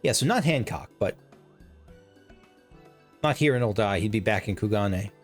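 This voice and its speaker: A man's voice: on the low side, expressive, moderate pace, soft background music. A man streaming a game, chatting casually and thinking aloud as he plays.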